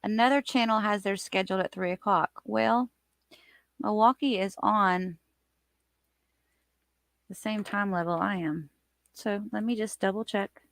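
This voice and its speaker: Chatty woman with a gravelly voice. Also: a little slow, long pauses, no room sound. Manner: chatty, greets viewers by name; animated, lively swings in pitch and loudness. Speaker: live-stream host. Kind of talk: casual live-stream chat.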